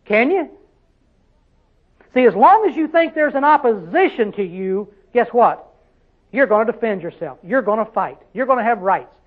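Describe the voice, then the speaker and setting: High-voiced preacher, tinny sound. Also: male voice, lively intonation, moderate pace. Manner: folksy, rhetorical questions, dialect grammar. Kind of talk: sermon. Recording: tinny phone-like audio.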